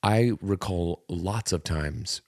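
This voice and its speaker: A man's voice: low-pitched, slow pace, dry recording, clean studio sound. A man in his forties co-hosting a casual podcast chat with his sister, joking and playful. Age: 40s. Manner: joking, playful, slips into silly voices. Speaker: podcast co-host.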